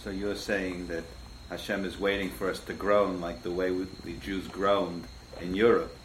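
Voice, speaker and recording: A man interviewing, asking measured, probing questions. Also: low voice, little pitch movement, reverberant, slight background noise.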